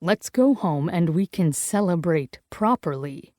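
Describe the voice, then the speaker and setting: A woman's voice: fairly low pitch, expressive, a little slow, a little mellow, no room sound, pitched below the performer's own voice. Brief: woman narrator doing young male athlete lover, panicky, curt, swearing; dry close sound. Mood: tender. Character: young man, frantic football star lover. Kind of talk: audiobook character reading.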